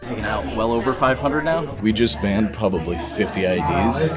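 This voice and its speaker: A man's voice: on the low side, animated, brisk, loud music behind the voice. A man from a tech team explaining how they ban scammer IDs, matter-of-fact and clipped. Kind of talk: casual explanation in a video clip.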